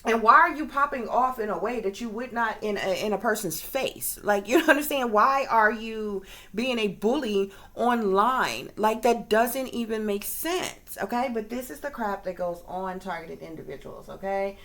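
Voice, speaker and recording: A woman's voice: mid-range voice, normal speed, hardly any pauses, bright, forceful tone. Woman psychic vlogger going off at the camera, swears a lot, keeps checking her viewers get it, medium voice. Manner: profane, emphatic, keeps checking in with listeners. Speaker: psychic reader and video creator. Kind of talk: casual direct-to-camera rant.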